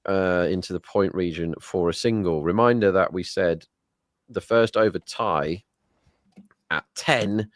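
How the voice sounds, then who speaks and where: A man's voice: deep voice, a little slow, no room sound, studio quality. A man co-hosting a live sports watch-along, chatting through betting lines and the match action. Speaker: co-host and betting tipster.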